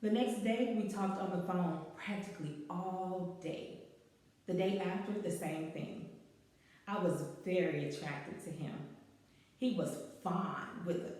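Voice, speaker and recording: A woman's voice: lowish voice, darkish tone, heavy reverb, long reverb tail, far from the mic. A woman hosting a talk show, chatting casually, laughing and repeating lines for emphasis as she reads out listener stories.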